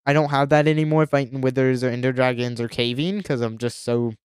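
A young man co-hosting a casual podcast, playful and excitable. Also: medium pitch, a little fast, clean tone, no room sound, studio quality. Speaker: podcast co-host.

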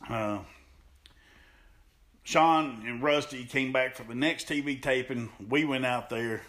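A man's voice: medium pitch, slow, a bit bright. A man in a podcast interview recounts old wrestling matches with animation. He talks in a mid-range voice, slipping into acted-out quotes and laughing often. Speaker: podcast guest, pro wrestler. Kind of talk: storytelling in an interview.

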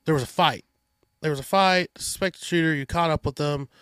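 A man hosting a podcast, telling stories in a casual, animated, profane way. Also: fairly high pitch, a little fast, clear, resonant tone, no echo. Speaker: podcast host. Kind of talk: casual chat.

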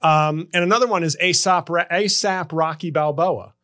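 Bright high-voiced man riffing fast. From Haitian background. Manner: fast riffing, slips into loud put-on character voices. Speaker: comedian podcast host. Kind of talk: casual comedic chat.

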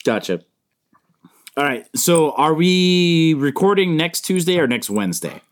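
A man's voice: fairly high pitch, big pitch swings, unhurried. A man co-hosting a podcast, teasing and sarcastic, swearing freely in casual banter. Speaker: podcast co-host.

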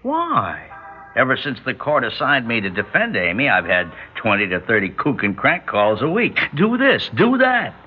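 A man's voice: mid-range voice, wildly swooping pitch, normal speed, faint music behind. A man playing a skeptical, weary defense lawyer in an old radio drama, talking in a curt way. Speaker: court-appointed defense lawyer. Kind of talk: 1950s radio drama acting. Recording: tinny old radio recording with hiss.

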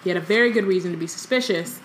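A woman's voice: fairly low pitch, very fast. Young woman, podcast co-host, reading aloud, chatty asides, faint background noise. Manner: chatty, reads then breaks off into joking commentary with many ums. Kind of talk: casual book-club podcast, reading with asides.

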